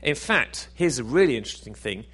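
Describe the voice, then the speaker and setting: A man's voice: medium pitch, sing-song, brisk, a bit bright, slightly rough. A man preaching a sermon in a conversational, self-deprecating, jokey way.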